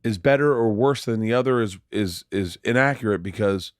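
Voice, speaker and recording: A man's voice: on the low side, moderate pace, no echo, clean studio sound. A middle-aged man telling a family story at home in casual, rambling speech, repeating words as he goes. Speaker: podcast guest, husband. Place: home, late night.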